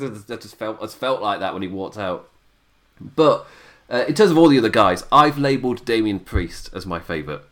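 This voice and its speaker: A man's voice: lowish voice, a bit bright. A man with an English accent, chatting casually about wrestling as a podcast co-host, laughing often as he rambles. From England.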